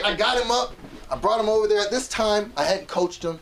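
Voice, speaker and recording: A man doing open mic stand-up, telling a profane story and shouting when he acts out angry parents. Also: sits high, fairly quick. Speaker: stand-up comic. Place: comedy club stage. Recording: noisy club crowd. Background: audience reactions.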